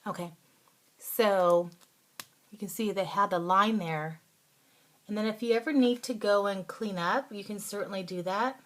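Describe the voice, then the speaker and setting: A woman hosting a casual makeup tutorial, talking through each step in an instructive, chatty way and now and then dropping into soft asides. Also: mid-range voice, a little slow, long pauses. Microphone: phone or camera close by.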